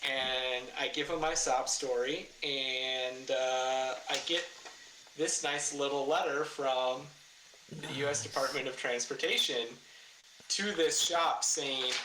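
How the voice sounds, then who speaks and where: Guy telling a story on a podcast, bright punchy voice, acts out quotes, roomy echo. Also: mid-range voice, slow. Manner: animated, acts out quotes loudly, swears, laughs. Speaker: guest, car builder and former racer. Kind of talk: casual storytelling in a podcast interview. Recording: echoey room with faint ambient noise.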